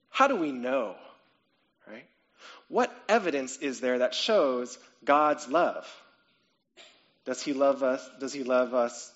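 A pastor preaches a sermon conversationally, frequently checking in with "okay?" and "right?" and raising his voice on questions. He is animated, building to excited questions, with a mid-range voice heard through dull audio.

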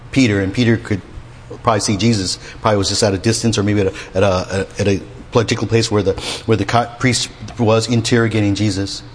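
A man preaching a sermon in an animated way, acting out the quotes he tells. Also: a little hiss or hum. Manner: animated, acts out quotes with rising pitch. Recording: long hall reverb.

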